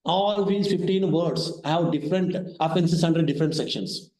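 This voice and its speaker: A man's voice: a little high, moderate pace, darkish tone. A man, a law professor giving a classroom lecture, repeating key terms and asking rhetorical questions. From India. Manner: repetitive, asks rhetorical questions. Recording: echoey lecture hall.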